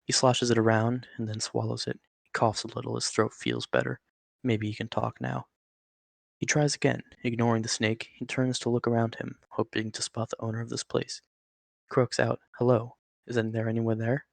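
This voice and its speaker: A man reading a story aloud in a steady, plain way, with occasional stumbles. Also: mid-range voice, moderate pace, gravelly, dry recording. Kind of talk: read-aloud story narration.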